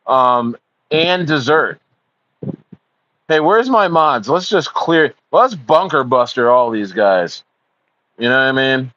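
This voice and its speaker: A man's voice: medium pitch, fairly bright tone, no echo, muffled recording. A man hosts a casual livestream. He rambles, fills his talk with ums and uhs, swears, and calls his viewers bro. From United States. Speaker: livestream host.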